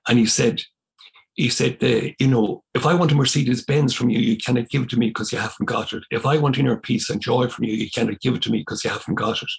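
Older Irish priest, gravelly voice, mid pitch, recounts his past with lively quoted dialogue. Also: quick pace. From Ireland. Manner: animated retelling, voice rising when quoting. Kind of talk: storytelling in conversation.

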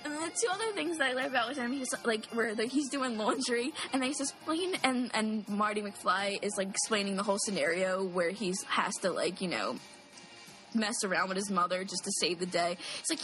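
A young woman in a casual movie chat, bubbly and giggly, acting out quotes in quick bursts. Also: medium pitch, fairly bright tone, faint music behind.

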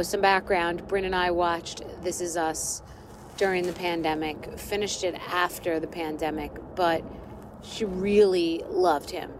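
A woman's voice: lowish voice, background noise. A middle-aged woman hosting a podcast, telling a story in a casual, self-mocking rant and acting out what people said. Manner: self-deprecating, animated storytelling with acted-out quotes. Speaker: podcast host.

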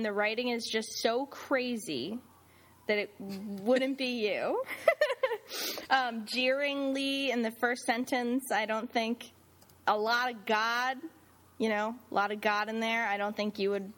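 A woman's voice: on the high side, fairly even intonation, a little slow, fairly bright tone. A woman chatting casually on a podcast, teasing and a bit hesitant as she reasons. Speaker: podcast co-host. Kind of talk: casual chat.

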